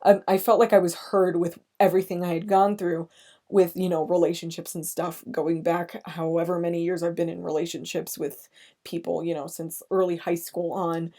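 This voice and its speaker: A young woman hosting a podcast, recapping a film in casual chat, speaking in halting restarts with nervous laughs as she gets emotional. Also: on the low side, flat delivery, warm tone. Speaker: podcast host.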